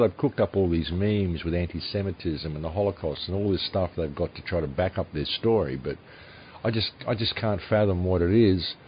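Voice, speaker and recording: A male host with a very low voice runs the interview, musing aloud and asking questions in a measured way. The audio is dull and lo-fi, with faint noise in the background. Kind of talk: remote interview conversation.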